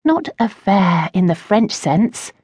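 A woman's voice: mid-range voice, very animated, slow pace, a little mellow, breathy edge, no echo, full character voice. A woman narrating an audiobook, voicing a poised young noblewoman who answers her father with composed asperity. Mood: tart. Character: poised young noblewoman, a debutante and patient daughter. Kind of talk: audiobook character voice.

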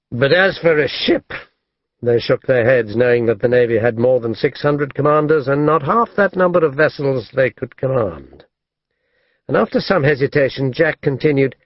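A man reading an audiobook as narrator in a measured, even storytelling manner. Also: mid-range voice, no room sound. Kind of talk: scripted narration. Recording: dull lo-fi dry studio audio.

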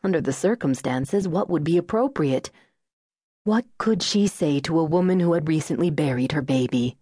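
A woman reads an audiobook in a low, mellow voice with measured, even pacing. She sits close to the mic. The studio sound is dry and free of room echo. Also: slightly rough. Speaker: audiobook narrator. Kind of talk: scripted narration.

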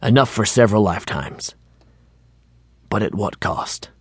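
A man voicing an aging male author who is fearful and burdened by guilt, speaking in a low, soft, brooding tone. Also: lively intonation, unhurried, slightly rough, no echo, exaggerated voice.

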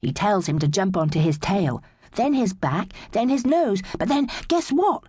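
A woman's voice: medium pitch, expressive, normal speed, a little mellow, slightly rough, no echo, clean studio sound. A woman narrating a children's audiobook in a young girl's first-person voice, playful and wide-eyed.

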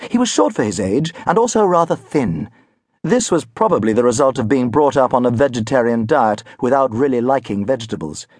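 Husky, expressive male audiobook narrator. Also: mid-range voice, fairly quick, no room sound, studio quality. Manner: wry, expressive storytelling. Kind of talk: scripted narration.

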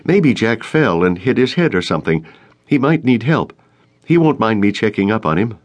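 A man's voice: fairly low pitch, expressive, moderate pace, voice pushed up. A man doing a worried, insistent young man. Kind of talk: audiobook character voice.

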